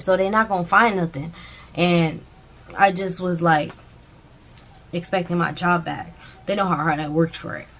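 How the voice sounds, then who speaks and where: A woman's voice: lowish voice, creaky. A woman telling a personal story in a casual storytime vlog, acting out the dialogue as she goes. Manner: animated retelling with quoted dialogue.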